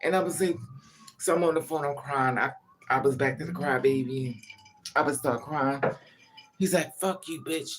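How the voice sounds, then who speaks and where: A woman's voice: extremely low pitch, normal speed, long pauses, slight background noise. A woman telling a personal story to camera in a casual, confessional way. She rambles and repeats herself, swears freely, and gets emotional as she talks. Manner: rambling, repetitive, emotional and profane.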